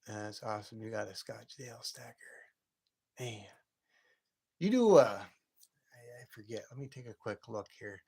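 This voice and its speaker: A man's voice: on the low side, lively intonation, a little slow, vocal fry, pauses often, a little mellow, husky. A man hosting a late-night live stream from home, chatting casually with viewers in a rambling way and often chuckling.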